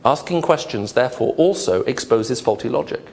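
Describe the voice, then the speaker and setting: A man's voice: medium pitch, expressive, moderate pace, vocal fry, darkish tone, slight background noise. A man giving a humorous lecture to an audience, asking rhetorical questions. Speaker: lecturer on apologetics. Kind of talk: lively lecture to a live audience.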